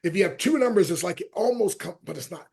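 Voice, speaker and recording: A middle-aged man with a husky, somewhat high voice tells stories as a guest in an interview. He talks in a lively, animated way and acts out the people he quotes. His loudness swings from soft asides to near shouts. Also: fast. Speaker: podcast guest, motivational speaker. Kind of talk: storytelling interview talk.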